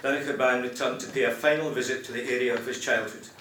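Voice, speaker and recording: A man introducing and reading poems at a conference in a measured, explanatory way. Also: mid-range voice, steady tone, bright, forceful tone, recorded from a distance. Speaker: presenter of poems. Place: conference hall. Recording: roomy hall with faint noise.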